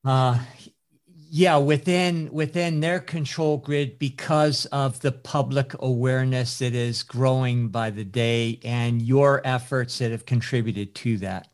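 Male host, unhurried and hesitant, with a middle pitch. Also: steady tone. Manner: slow and hesitant, agreeable. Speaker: interview host. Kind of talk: interview talk.

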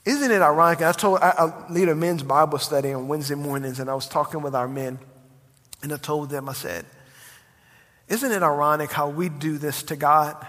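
A man preaching a sermon as pastor, impassioned and rising to near-shouts when he presses a point. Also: fairly high pitch, normal speed, long reverb tail.

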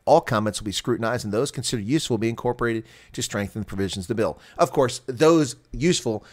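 A man reads and picks apart the day's headlines, his voice pitched in the middle range. He talks with biting sarcasm and open scorn for the officials he reports on. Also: quick pace. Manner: sarcastic, scornful, laughs at the news. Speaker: news commentator. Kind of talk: opinionated news commentary.

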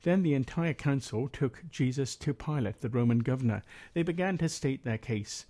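Mellow-voiced man reading scripture. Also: medium pitch, moderate pace, hardly any pauses. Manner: steady reading, with hesitant fillers when speaking freely. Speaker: prayer meeting leader reading scripture. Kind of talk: Bible reading and spoken commentary.

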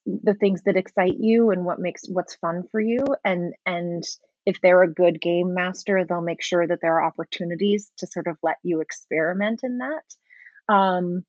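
Lively woman game master, dry dull sound. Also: fairly low pitch, normal speed, no room sound. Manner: animated, laughs often. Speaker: podcast guest and game master. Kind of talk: casual interview talk.

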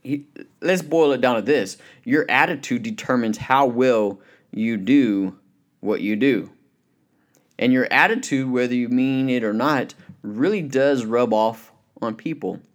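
A man's voice: mid-range voice, a little slow. A man giving a motivational Christian talk, earnest and conversational, with many "you know" fillers and anecdotes. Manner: tells anecdotes with lively acted quotes. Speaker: speaker.

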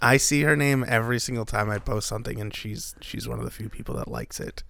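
A man's voice: mid-range voice, fast, creaky, a bit bright, no room sound. A man co-hosting a podcast in casual chat, rambling and jokey with lots of fillers. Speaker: podcast co-host.

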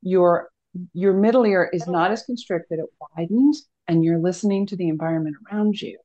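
A woman counselor explaining ideas as a podcast guest, earnest and teacherly, often asking rhetorical questions. Her voice sits somewhat low. The audio is dull and lo-fi, like a remote connection. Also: normal speed, warm tone.

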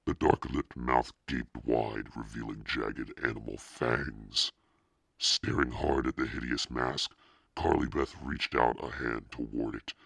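A man giving a measured, dramatic audiobook narration. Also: a bass voice, fairly even intonation, vocal fry, fairly bright tone, husky, dry recording, clean studio sound.

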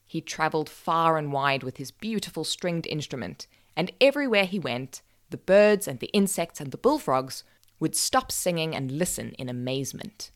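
A woman narrating a folk tale for a podcast with wry, deadpan asides. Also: low-pitched, normal speed. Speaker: podcast storyteller. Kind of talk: scripted narration.

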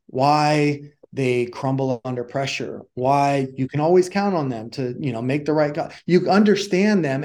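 A middle-aged man who coaches communication, telling stories casually in an interview and acting out the dialogue. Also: a little high. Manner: animated storyteller who acts out dialogue.

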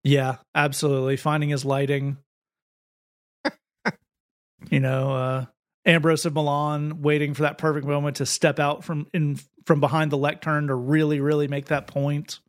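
A man co-hosting a podcast in relaxed chat, with a slightly higher voice. He makes wry, joking asides and laughs often. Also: normal speed. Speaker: podcast co-host. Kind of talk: casual chat.

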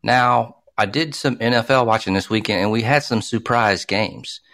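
A man's voice: medium pitch, moderate pace, a bit bright, dry recording, studio quality. A man co-hosting a casual sports chat, ranting and swearing freely as he makes his picks. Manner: profane, ranting, fired up. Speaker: sports podcast co-host.

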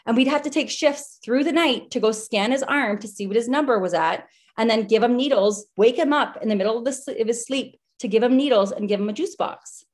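A woman's voice: a little high, brisk. A woman in her thirties, a podcast guest, telling a story in a casual, chatty way over a video call, with lots of filler words. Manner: chatty, with many "like" fillers and breathless retelling.

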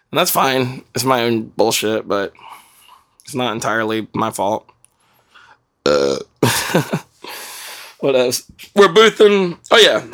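A man hosting a podcast in casual chat, rambling and heartfelt, swearing freely as he gives shout-outs. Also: mid-range voice, lively intonation, slow, pauses often. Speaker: podcast host.

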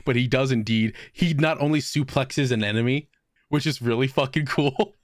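A man's voice: medium pitch, normal speed, no room sound. A man chatting casually with friends, dry and crude in his jokes. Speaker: podcast co-host. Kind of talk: casual chat.

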